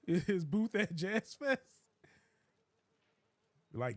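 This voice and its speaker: A man streaming a game, riffing in a joking, animated rant with laughs. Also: very high voice, normal speed, dry recording. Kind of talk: casual comedic commentary while gaming.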